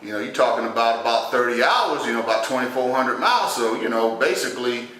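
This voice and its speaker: A man's voice: mid-range voice, animated, quick pace, bright, forceful tone. Man telling a comic story in an echoey room. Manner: loose, conversational, heavy on 'you know'. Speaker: stand-up comedian. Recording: echoey room, distant mic, faint noise.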